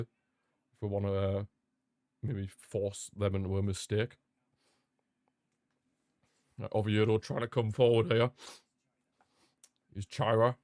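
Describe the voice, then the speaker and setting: A young man hosting a live football watchalong, chatting casually and repeating himself, with sudden bursts of excitement. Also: lowish voice, no echo, studio quality. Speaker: watchalong host. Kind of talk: casual live match commentary.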